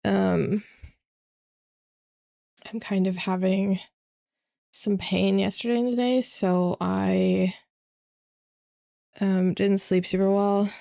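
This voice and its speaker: A tired young woman chatting casually as a streamer, with vocal fry and lots of fillers. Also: mid-range voice, flat delivery, slow pace, long pauses, dark tone. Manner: rambling, many fillers. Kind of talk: casual chat.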